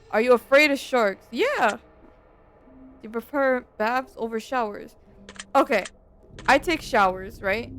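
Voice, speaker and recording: Chatty woman streamer with a clear voice. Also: fairly high pitch. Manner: chatty, animated storytelling with slang. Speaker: VTuber streamer. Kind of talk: casual game commentary. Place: dark room at home.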